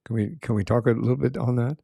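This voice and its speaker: A man's voice: mid-range voice, fairly even intonation, fast, vocal fry, mellow, husky, dry recording, studio quality. A man hosting a podcast interview, affirming his guest and asking long, winding questions. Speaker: podcast host. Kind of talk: interview conversation.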